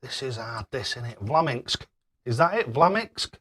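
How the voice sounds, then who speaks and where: A man's voice: mid-range voice, animated, normal speed, fairly bright tone, breathy edge. An older man chatting casually on a live stream, reading out viewer messages and throwing darts, laughing often and fumbling over tricky names. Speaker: darts livestreamer reading chat.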